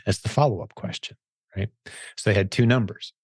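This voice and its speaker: Male host, low voice, punchy conversational delivery, dry close sound. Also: steady tone, fast talker, no echo. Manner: emphatic, says "dude" a lot. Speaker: podcast host. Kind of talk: casual interview chat.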